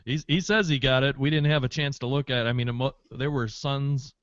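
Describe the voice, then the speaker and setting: A man's voice: medium pitch, fairly even intonation, brisk, fairly bright tone, dry recording, dull audio. A man speaking as his character in a tabletop role-playing game, casual and joking, with a little swagger. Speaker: player.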